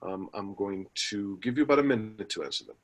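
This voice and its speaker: A man's voice: on the low side, expressive, a little fast. A man moderating a business webinar, reading the housekeeping and speaker introductions with some fillers and restarts. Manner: reads announcements with fillers and small restarts.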